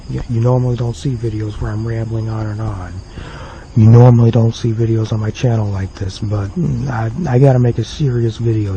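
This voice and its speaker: A man's voice: lowish voice, background noise. A young man rambling through an unscripted apology vlog to his viewers, repeating himself and sounding remorseful. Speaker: video creator apologizing to viewers. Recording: dull lo-fi home video with faint crickets.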